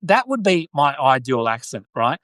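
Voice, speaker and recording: A man's voice: medium pitch, big pitch swings, normal speed, a bit bright, no room sound. An Australian man from Sydney, hosting a casual live-stream chat, rambling and chatty as he answers viewer comments. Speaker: podcast host.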